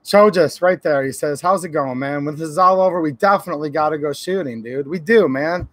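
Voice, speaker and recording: A man from Michigan hosts a casual livestream. He talks in a fairly high voice and greets his viewers by name, friendly and opinionated. The sound is dry and close, with no room echo. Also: brisk, fairly bright tone. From Michigan, USA. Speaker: YouTube channel host. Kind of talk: casual livestream chat reading viewer comments.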